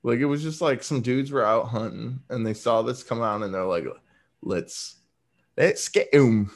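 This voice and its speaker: A man's voice: mid-range voice, brisk. A man co-hosting a podcast in casual chat, talking loosely with many filler words. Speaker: podcast co-host.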